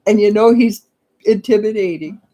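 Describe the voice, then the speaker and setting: A woman's voice: medium pitch, moderate pace, dark tone. A middle-aged woman doing psychic readings on a live stream, chatting casually and laughing often, sometimes restarting her sentences. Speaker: psychic reader. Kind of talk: live stream chat, answering viewer comments.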